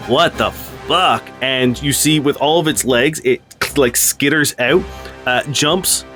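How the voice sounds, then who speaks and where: A relaxed man narrates a tabletop game as its master, rambling easily with plenty of fillers. His voice sits at a middle pitch, and soft music plays behind him. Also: a little slow. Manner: casual, loose narration with many fillers.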